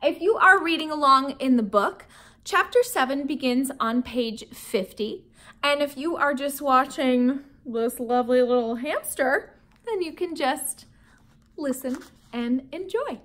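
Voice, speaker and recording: A woman from Minnesota with a Minnesota accent, a teacher reading a children's book aloud to her students in a friendly, expressive way. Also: high voice, measured pace. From Minnesota, United States. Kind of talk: children's read-aloud storytelling.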